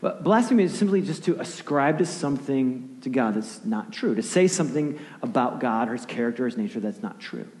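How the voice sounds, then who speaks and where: A male pastor giving a sermon, telling a story vividly and often dropping to a hushed near-whisper, with casual questions to the listeners. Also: mid-range voice, lively intonation, brisk, hardly any pauses. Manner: conversational, asks the audience questions. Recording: echoey hall with long reverb.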